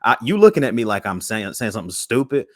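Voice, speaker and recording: Male podcast co-host, low voice, dry close sound, slangy and hyped. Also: sing-song, quick pace, no echo. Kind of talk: casual sports chat.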